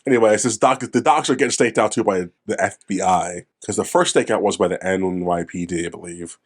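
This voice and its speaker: A man's voice: low voice, a little fast. A man co-hosting a casual movie review podcast, swearing freely and breaking into goofy character impressions. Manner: swearing, animated, mimics characters in goofy voices. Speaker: podcast co-host.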